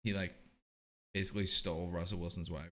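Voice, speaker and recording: A young man, co-hosting a casual podcast and telling stories in an animated way, swearing and laughing often. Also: low-pitched, brisk. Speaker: podcast co-host.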